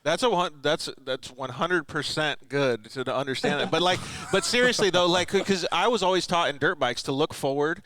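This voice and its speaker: A man's voice: a little high, moderate pace, few pauses, a bit bright, rough recording. A man hosting a casual podcast, easygoing and jokey, tossing in dude and like as he leads the questions. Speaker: podcast host.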